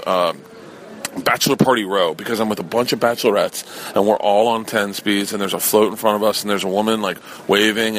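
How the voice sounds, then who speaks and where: A man telling his dreams in a rambling, profane, animated monologue for a podcast. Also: on the low side, a little hiss or hum. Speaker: podcast host recounting dreams. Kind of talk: casual storytelling monologue.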